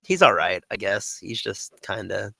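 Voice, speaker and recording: A man's voice: on the low side, very animated, unhurried, gravelly, bright, forceful tone, breathy edge, no echo, low-quality recording. A man co-hosting a casual gaming podcast, rambling with lots of "like" and "um". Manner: rambling, full of "like" and "um". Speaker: podcast co-host.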